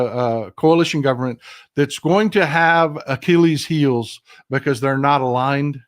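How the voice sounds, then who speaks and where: Middle-aged man, Texan accent, livestream host, animated folksy talk, a bit high-pitched. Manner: animated, folksy, swears freely, mimics people in quotes. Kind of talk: casual political livestream commentary. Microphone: desk microphone.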